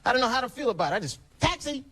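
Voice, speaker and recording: Lively high-voiced comedian on stage. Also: male voice. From United States. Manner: loose storytelling with punchy asides and profanity. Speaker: stand-up comedian. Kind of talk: stand-up routine. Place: stage before a laughing audience. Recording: noisy live show recording.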